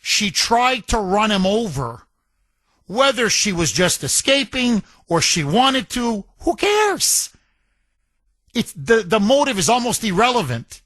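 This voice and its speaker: A man's voice: high-pitched, big pitch swings, a little slow, a bit bright, dry recording. A middle-aged man hosting a talk radio show, delivering an emphatic, indignant monologue with lots of repetition.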